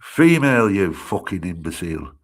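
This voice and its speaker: Low-voiced heckler. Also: male voice, sing-song, moderate pace. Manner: blunt, heckling, heavy swearing. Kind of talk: casual stream banter.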